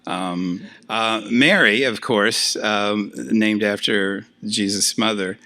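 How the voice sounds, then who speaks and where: An older man, a professor, giving a conversational lecture to a class, with frequent fillers and lively asides. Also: fairly low pitch, takes it slowly.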